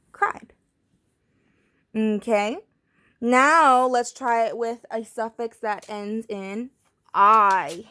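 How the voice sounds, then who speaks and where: A young woman teaching a recorded spelling lesson to third graders, playful and self-mocking, spelling words out slowly letter by letter. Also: on the high side, a bit bright.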